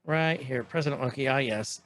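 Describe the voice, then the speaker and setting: A man co-hosting a podcast, chatting casually and excitedly as he recaps scenes from a show he keeps pausing. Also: mid-range voice. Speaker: podcast co-host. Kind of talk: casual chat recapping an episode.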